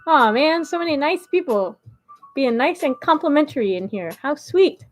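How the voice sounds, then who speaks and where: Chatty woman streamer w a high bright voice, bubbly, laughs a lot, talks to chat. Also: lively intonation, normal speed, soft background music. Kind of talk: casual chat reading a live chat.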